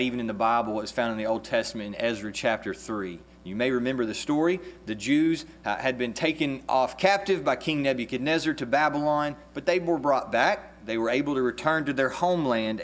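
A man preaching a sermon as pastor, earnest and measured, with a few restarts. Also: medium pitch.

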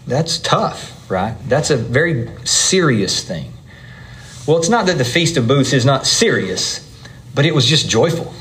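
A man's voice: lowish voice, a bit bright, a little hiss or hum. Man teaching a Bible lesson. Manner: conversational, explaining with asides and fillers. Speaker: preacher.

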